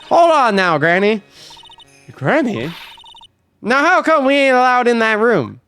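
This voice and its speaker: A man voicing a brash, loud young woman who is a paranormal photographer, with a put-on Southern drawl and a folksy, boisterous manner. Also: extremely high pitch, big pitch swings, measured pace, faint music behind, voice pushed up, full character voice. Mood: indignant.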